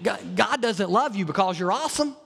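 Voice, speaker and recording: A man's voice: sits high, animated, brisk, creaky, a bit bright, husky, big-room sound. A man preaching a sermon as a pastor, earnest and often repeating or restarting his words.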